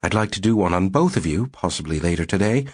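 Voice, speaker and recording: A man's voice: low-pitched, lively intonation, quick pace, a little mellow, husky. A man voicing a skinny, pushy male psychologist with a clinical, condescending manner.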